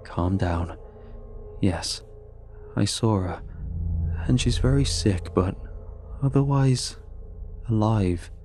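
A man doing a calm, cautious father. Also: on the low side, slow, pauses often, faint music behind. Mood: soothing. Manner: soothing, cautious.

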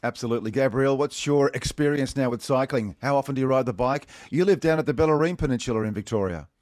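Dry-sounding podcast host. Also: male voice, medium pitch, fast talker, a little mellow, dry recording. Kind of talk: podcast hosting.

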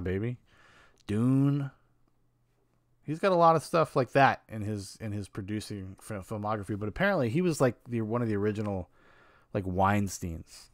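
A man's voice: on the low side, no room sound, clean studio sound. A man hosting a podcast, giving a casual and frank film review in a rambling, opinionated way with some swearing.

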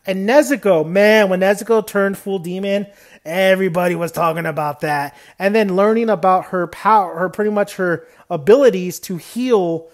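A man's voice: high-pitched, normal speed. Rambling male anime reviewer. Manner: rambling, loose, with frequent "man" and "you know". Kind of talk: casual unscripted review.

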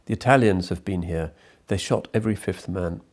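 A man reading the lines of a solemn, devout brother who brings bad news, in a measured way. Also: sits low, a little mellow.

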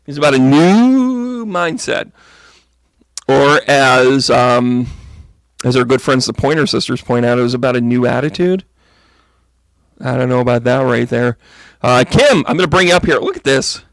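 Jokey, gravelly man reading tarot live. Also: normal speed, fairly bright tone, dry recording. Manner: jokey, chatty, slips into silly high voices. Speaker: tarot reader on a livestream.

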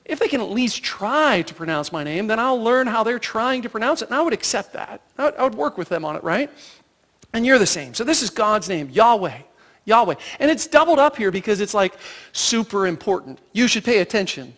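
A man with a high voice preaches a sermon in a church, speaking in a chatty, animated way. He tosses rhetorical questions to the congregation and acts out the characters' lines. His voice rings with the long reverb of a large hall. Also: a little fast. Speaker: pastor. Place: church sanctuary.

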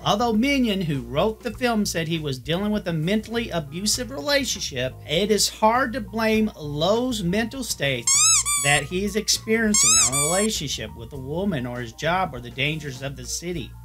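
A man's voice: high voice, fairly bright tone. A man narrating an opinionated film review in a blunt manner.

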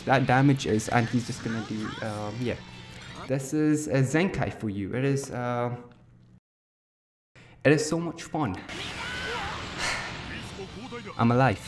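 A young man giving rambling, excitable commentary over his own gameplay as a gaming YouTuber, swinging between muttering and yelling. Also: medium pitch, measured pace, over music.

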